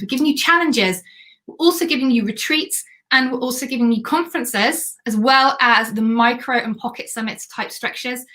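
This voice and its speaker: A woman hosting a live stream as a business coach, chatty and excitable while pitching a program. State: has the hiccups.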